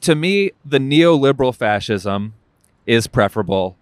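A man on a casual podcast who is sarcastic and quick to laugh. He talks at a mid pitch, and the recording is dry and close, with no room around it. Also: lively intonation, no echo. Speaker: podcast co-host. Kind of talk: casual political chat.

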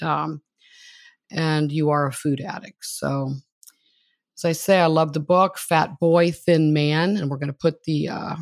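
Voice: medium pitch, no echo. A podcast host introducing a guest and asking questions in a chatty, admiring, conversational way.

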